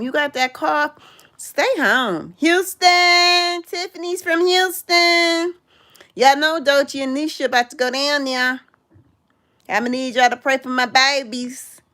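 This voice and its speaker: A middle-aged woman hosting a casual livestream, chatting with viewers and calling out where they are from. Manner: chatty, reads out viewers' locations, calls out "in the house"; animated, jumps high in pitch when greeting viewers. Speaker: livestream host.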